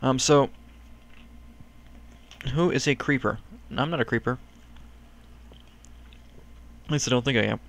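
A man talks through a video game in casual, rambling commentary. He pokes fun at himself, breaks into quick excited yelps, and keeps up a friendly chatter. His voice is smooth and resonant, at an ordinary pitch. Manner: chatty, rambling, self-mocking, sudden yelps. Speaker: gaming YouTuber.

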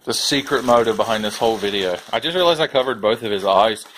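A man's voice: lowish voice, fast, noisy background. A man casually vlogging from his bedroom while unboxing, sarcastic and profane, rambling to the camera balanced on his face.

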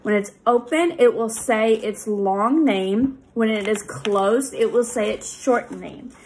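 A woman tutoring young readers, explaining reading rules patiently with many pauses and fillers. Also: on the high side, darkish tone, a little hiss or hum. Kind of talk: recorded lesson for students.

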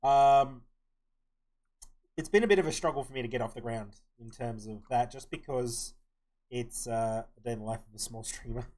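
A man's voice: mid-range voice, moderate pace, darkish tone. Man thinking aloud while gaming. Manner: mumbling to himself, thinking aloud. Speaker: streamer. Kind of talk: casual live-stream commentary while playing.

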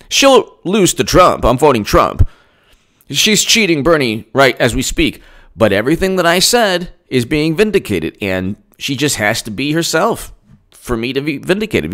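A man's voice: a little high, very animated, moderate pace, a bit bright. A man doing solo political commentary, ranting and sarcastic, mocking people in put-on voices.

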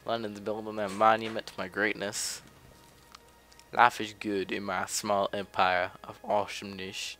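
A man's voice: lowish voice, level tone, moderate pace, pushed and bright, soft background music. A young man giving casual, chatty commentary while playing a game, often grumbling offhandedly. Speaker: gameplay commentator. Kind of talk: casual let's play commentary. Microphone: desk mic.

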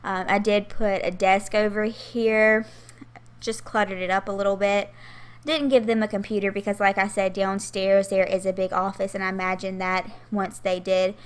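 A young woman with a drawl talks through her game build in a relaxed, rambling voiceover. She's heavily pregnant and a little out of breath, laughing easily between her ums and likes. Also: medium pitch, normal speed, clean tone. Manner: chatty, giggly, lots of fillers. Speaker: Sims gaming YouTuber.

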